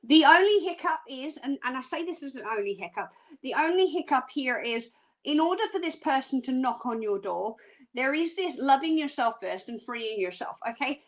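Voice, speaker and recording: A woman's voice: sits high, lively intonation, moderate pace. A chatty, playful woman hosting a live psychic reading and humming little tunes between thoughts. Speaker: psychic reader, host.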